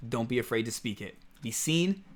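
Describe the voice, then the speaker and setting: A man's voice: medium pitch, animated, normal speed. A man coaching on content marketing, talking to camera in a conversational, emphatic way with frequent fillers. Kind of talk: casual teaching to camera.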